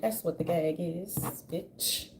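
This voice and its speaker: A woman giving an unscripted commentary rant, brash and profane, with a sassy, animated delivery. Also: fairly low pitch, takes it slowly, a little hiss or hum. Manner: brash, profane, sassy, repeatedly says "darling"; animated, jumps into mocking voices. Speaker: commentary vlogger.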